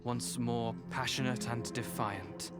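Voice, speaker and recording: A calm, unhurried game narrator, voiced by an actor who tells the story in the second person with even, descriptive phrasing. The delivery stays slow and steady. A game soundtrack sits clearly underneath. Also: medium pitch, close to an everyday voice. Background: game soundtrack music.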